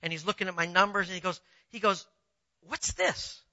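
A pastor preaching a sermon in a conversational way, telling personal stories and often asking the listeners if they follow, swinging between quiet asides and emphatic points. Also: medium pitch, fairly even intonation, fast talker, dry recording, dull audio. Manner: conversational preaching, asks the audience "you see what I'm saying".

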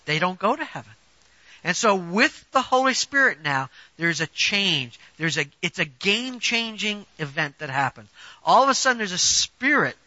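A man's voice: high voice, bright, forceful tone, dry recording, muffled recording. A man preaching a sermon in a conversational, emphatic way, often throwing rhetorical questions at the congregation and giving personal examples.

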